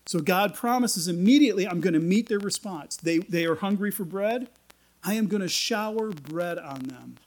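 A man's voice: high voice, lively intonation, moderate pace, poor audio. A man giving a casual, conversational sermon, retelling scripture in everyday language with frequent restarts and playful asides. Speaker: preacher.

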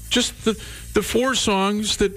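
A man's voice: high voice, steady tone, slow pace, a bit bright, soft background music. Chatty male morning radio host. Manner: chatty, laughs often. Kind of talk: casual radio banter.

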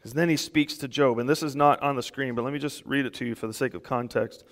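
A man preaching a sermon as pastor, emphatic and animated, with small laughs between points. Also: medium pitch, fast talker, long reverb tail.

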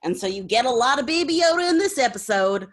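A woman's voice: a little high, expressive, quick pace. A woman hosting a casual podcast, retelling an episode with lots of laughter. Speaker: podcast host. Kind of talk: casual recap chat.

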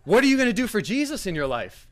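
A man's voice: very high-pitched, big pitch swings, rapid-fire, background noise, pitched above the performer's own voice. A man putting on the voice of a pushy, zealous middle-aged father who insists and urges. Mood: insistent. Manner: insistent, urgent.

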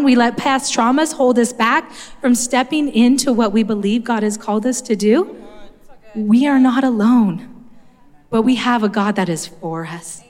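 A woman's voice: fairly high pitch, darkish tone. A woman preacher giving a sermon in an earnest, conversational way, speaking straight to her listeners. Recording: long hall reverb.

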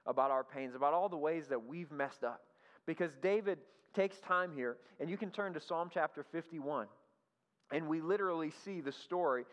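A male pastor giving a conversational sermon, animated and asking the congregation questions. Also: on the high side. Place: church hall. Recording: dull lo-fi sound with long hall reverb.

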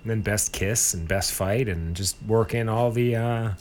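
A man with a fairly low voice trades blunt, crude opinions in relaxed podcast chat. Faint background noise sits behind his voice, which stays loose and unpolished. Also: measured pace. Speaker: podcast co-host. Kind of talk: casual chat.

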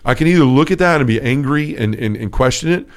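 A man's voice: medium pitch, expressive, quick pace. A man co-hosting a Catholic talk show, telling a personal story in an earnest, casual way with frequent restarts. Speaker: podcast co-host. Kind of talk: casual faith discussion.

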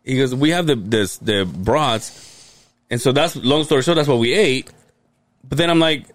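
A man with a medium-pitched voice speaks at a normal speed, and the audio has no echo. He co-hosts a podcast and, in casual talk, tells a long, rambling, profane story with frequent restarts.

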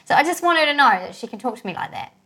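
A mother, co-hosting a casual chat and telling a family story with animated laughter. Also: sits high, racing. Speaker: podcast co-host, mother.

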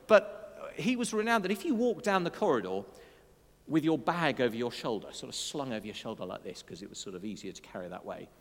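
A man's voice: medium pitch, animated, brisk, gravelly. A man preaching a sermon in a conversational way, with asides and dry humour. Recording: long hall reverb.

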